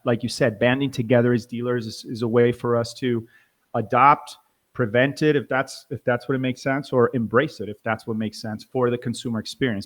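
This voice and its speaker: A man moderating a panel talk, asking hesitant questions that he keeps rephrasing. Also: mid-range voice. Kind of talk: conversational panel discussion.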